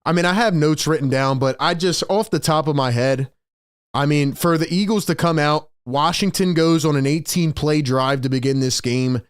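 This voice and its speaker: A man hosting a postgame sports show, talking in an excited, emphatic way and repeating his key points, worked up with excitement. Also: fairly high pitch, moderate pace, clear, resonant tone, no room sound, studio quality. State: overexcited.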